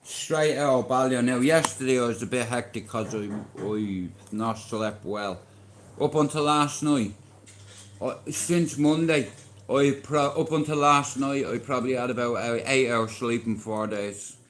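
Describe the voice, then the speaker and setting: A man's voice: medium pitch, measured pace, reverberant, slight background noise. An Irish man hosting a casual livestream, talking in a boastful, rambling way with plenty of swearing. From Ireland. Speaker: livestream host.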